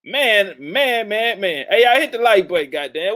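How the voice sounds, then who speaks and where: A man hosting a casual livestream, loudly and profanely shouting out viewers and joking with his chat. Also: high voice, expressive, normal speed, rough recording. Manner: loud, profane, hyped-up banter with chat. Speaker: livestream host.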